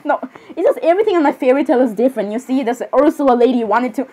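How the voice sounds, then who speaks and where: A woman's voice: high-pitched, lively intonation, rapid-fire, dark tone, a little hiss or hum. A young woman chatting in character as a cosplayer, rambling and apologizing often between giggles. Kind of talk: in-character cosplay role-play chat.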